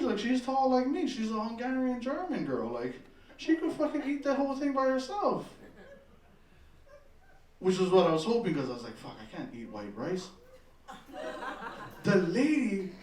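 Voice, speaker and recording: Animated, profane stand-up comic man. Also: sits high, echoey room, far from the mic. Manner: profane, animated storytelling with laughs. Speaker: stand-up comedian. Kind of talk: stand-up comedy set. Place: comedy club stage.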